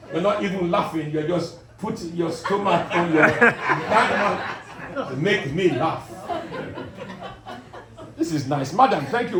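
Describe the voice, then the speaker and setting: A man doing a pompous self-appointed African dictator, booming and boastful, his voice high and swooping wildly as he bosses the crowd. He is recorded from a distance in an echoey pub, with loud crowd laughter all around. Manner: lectures and teases the audience. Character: bombastic self-styled male African dictator, middle-aged. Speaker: stand-up comedian. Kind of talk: character stand-up comedy. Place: pub gig room.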